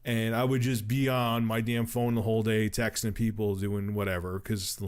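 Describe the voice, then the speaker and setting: A man's voice: lowish voice, normal speed, smooth. A man in his thirties casually telling a long story on a stream, swearing and acting out quotes. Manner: profane, animated retelling with acted quotes. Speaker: storyteller on a livestream.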